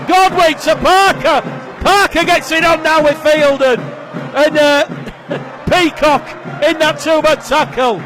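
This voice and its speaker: A man calling a live rugby league match, his voice rising to shouts on big plays. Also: very high-pitched, fairly even intonation, measured pace. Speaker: play-by-play commentator. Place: stadium commentary position. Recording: broadcast with crowd and ambient noise. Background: crowd noise.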